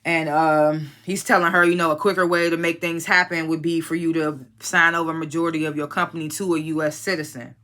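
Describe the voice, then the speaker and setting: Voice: mid-range voice, little pitch movement, a little fast, hardly any pauses, pushed and bright. A casual TV episode reviewer recapping scenes bluntly and profanely, quoting the characters loosely and offering strong opinions.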